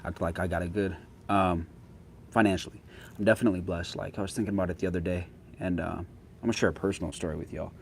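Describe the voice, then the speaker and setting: Casual young male creator, low voice, slangy and easygoing, a faint background hum. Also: fairly even intonation, quick pace, vocal fry. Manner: slangy, laid-back and conversational. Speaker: social media creator. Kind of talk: casual chat with viewers.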